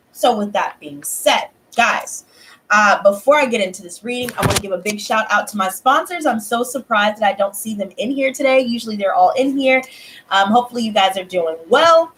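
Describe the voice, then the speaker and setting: A woman hosting her tarot channel, chatting casually to viewers and swearing freely as she acts out conversations. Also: fairly high pitch. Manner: animated, swears freely, acts out dialogue in bursts. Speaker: tarot reader and channel host.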